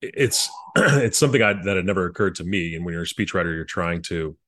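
Male guest, low-pitched, earnest and halting, recounting memories in a dry, close recording. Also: animated, fairly bright tone, no echo. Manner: earnest, halting with frequent restarts. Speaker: former presidential speechwriter. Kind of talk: reflective interview storytelling.

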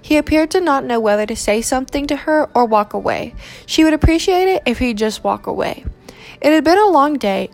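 Woman narrating with gravelly voice. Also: on the high side. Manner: steady, measured narration. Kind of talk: audiobook reading of a romance novel.

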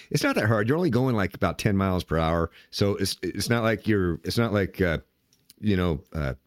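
A man's voice: on the low side, dry recording, studio quality. An older man hosting a podcast, giving casual, rambling political commentary full of profanity. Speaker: podcast host.

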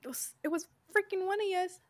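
A woman's voice: extremely high pitch, fairly quick. A young woman co-hosting a podcast, rambling in casual chat and laughing often. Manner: rambling, laughs a lot, says "dude". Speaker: podcast co-host.

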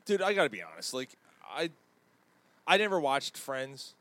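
A man's voice: medium pitch, moderate pace, no echo. A man in his thirties co-hosting a casual podcast, telling stories with lots of swearing. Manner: swearing, animated storytelling. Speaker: podcast co-host. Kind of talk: casual sports chat.

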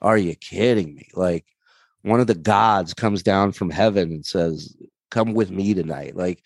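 A comedian man telling animated, rambling stories with many fillers, in a casual chat. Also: low-pitched, unhurried, no room sound. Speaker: comedian guest. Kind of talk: casual storytelling.

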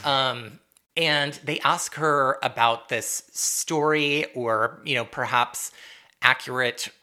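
A woman co-hosting a podcast, chatting casually as she recaps a TV episode, giggling and quoting the characters in quick asides. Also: rumbling low, pushed and bright. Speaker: podcast co-host.

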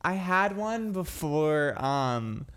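A man's voice: on the high side, big pitch swings, extremely slow, fairly bright tone, clear, resonant tone. A young man from Ireland co-hosting a radio show, chatting casually and rambling with lots of restarts. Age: young adult.

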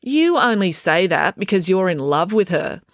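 Sarcastic, teasing girl in a storybook voiced by a woman; a bit higher, dry close sound. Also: very animated, normal speed, no echo. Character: teasing sharp-tongued girl, mocking sibling.

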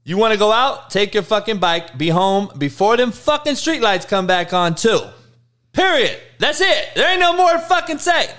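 A man's voice: sits high, sing-song, moderate pace, fairly bright tone, pitched above the performer's own voice. A man imitating his stern, blunt, profane old-school father, barking curt commands.

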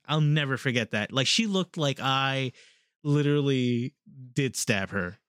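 A man's voice: medium pitch, measured pace. A man in his thirties telling stories in a casual chat, with lots of "like" and "literally". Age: 30s. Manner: animated storytelling, often says "like" and "literally".

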